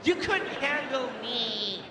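A brash adult film actress voiced by a male comedian snaps back in a confrontational, in-your-face way. Her voice sits high and swings widely in pitch. Behind her, a packed comedy club roars in a long, reverberant room. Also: animated, slow pace, a crowd in the background, noisy background, heavily acted. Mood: defiant. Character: brash adult female porn star, defiant.

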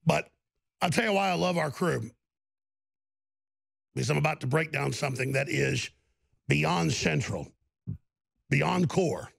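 A man hosting a talk show pours out an emphatic, rambling monologue. His voice is deeply gravelly and thick with rasp. It sounds close and completely dry, with no room around it. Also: expressive, unhurried, long pauses, fairly bright tone, dry recording.

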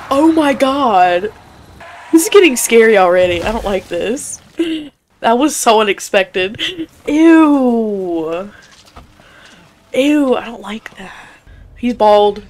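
A woman's voice: mid-range voice, slight background noise. A young woman streaming a horror game, chatting casually and reacting in a jumpy, squeamish way. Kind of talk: live gameplay reaction.

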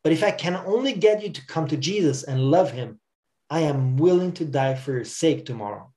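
Preacher reading an earnest, devoted enslaved preacher, pleading, kinda raised up. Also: male voice, a little high, expressive, moderate pace, mellow, reverberant. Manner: read aloud from a story, earnest and pleading.

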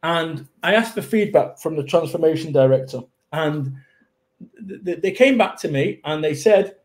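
A man's voice: a little high, animated, normal speed, a little mellow. A middle-aged man with a Manchester accent, a motivational speaker telling punchy, self-mocking stories in a casual interview chat. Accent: Mancunian. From England.

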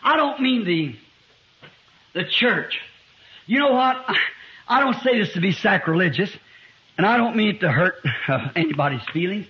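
A man in his fifties preaching a sermon to a congregation, climbing to loud emphatic lines and dropping to quiet asides. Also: sits high, expressive, normal speed, pauses often. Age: 50s. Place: church before a congregation. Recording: muffled lo-fi 1960s sermon tape.

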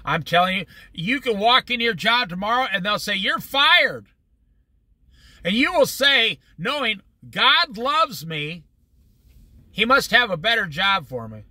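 This very animated man runs a Bible study in a high, extremely bright voice with wide pitch swings, joking and preaching conversationally while slipping into quick everyday voices. The recording is dry and close, without room sound.

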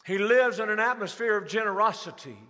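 A man preaching a sermon as pastor, speeding up for emphasis and slowing to stress key words. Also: sits high, pushed and bright. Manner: preaching with rising emphasis and slowed, stressed phrases. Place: large church sanctuary. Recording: live church hall reverb.

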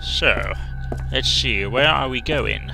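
A man giving casual commentary over a horror game, chatting, thinking aloud and reading the game's prompts out loud. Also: medium pitch, slow pace, gravelly, rough recording. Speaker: let's play gamer. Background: game music.

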